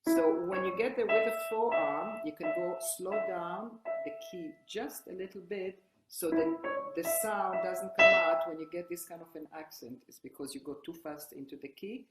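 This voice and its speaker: An older woman teaching piano technique, explaining as she plays and often restarting her sentences. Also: lowish voice. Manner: explains while playing, halting restarts. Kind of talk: piano lesson demonstration. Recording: echoey room with loud piano. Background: piano playing.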